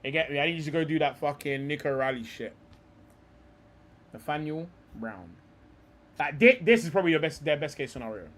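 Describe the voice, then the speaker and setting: A man's voice: on the high side, expressive, brisk, pauses often, fairly bright tone. A young man hosting a live stream, talking football in a rambling, heated way, swearing often and calling people bro.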